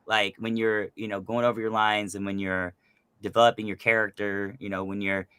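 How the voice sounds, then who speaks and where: A man's voice: on the low side, moderate pace, clean tone, no room sound. A man who is a voice actor, chatting casually and animatedly about his craft, with lots of fillers. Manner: animated, explains with many fillers. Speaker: voice actor guest. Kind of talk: casual podcast chat.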